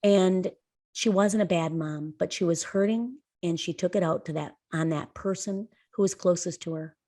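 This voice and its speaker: Low-voiced woman telling earnest stories. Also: moderate pace, warm tone. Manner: earnest storyteller, emphatic rises. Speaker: podcast co-host. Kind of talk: conversational podcast chat.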